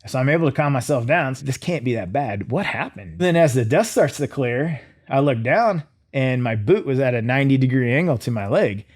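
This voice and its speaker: A middle-aged man, a military veteran, telling his story as a guest in a casual podcast interview, relaxed and conversational with light humor. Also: mid-range voice, fairly quick, few pauses.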